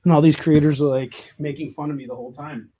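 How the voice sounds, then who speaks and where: A man with a fairly high voice chats casually on a livestream Q&A. He jokes and stays animated while he counts stock aloud between remarks. A faint hiss sits under his voice. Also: fast talker, rough recording. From United States. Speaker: comics creator hosting a livestream Q&A.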